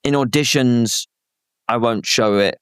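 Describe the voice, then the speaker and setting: A young British man, a guest actor, chatting casually with animated, self-deprecating, rambling stories. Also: medium pitch, unhurried, smooth, no echo, studio quality. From Britain. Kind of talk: casual chat.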